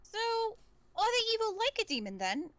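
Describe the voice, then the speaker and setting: A woman's voice: very high voice, very animated, moderate pace, bright, forceful tone, dry recording, heavily acted. A woman voicing a sheltered young adventurer woman in a tabletop game, asking eager, wide-eyed questions in a put-on accent. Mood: curious.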